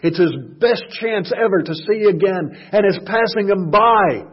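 A man preaching a sermon, dropping to hushed murmurs and rising to loud shouted passages. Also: sits high, measured pace, breathy edge, dull audio.

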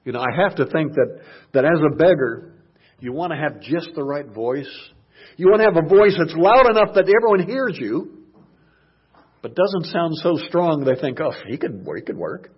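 A man preaching a sermon, dropping to hushed murmurs and rising to loud shouted passages. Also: a little high, expressive, normal speed, breathy edge, dull audio.

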